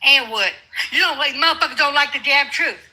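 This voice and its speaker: A woman's voice: high voice, brisk, sharp tone, poor audio. An older woman arguing as a guest in a heated livestream debate, blunt, confrontational and full of profanity.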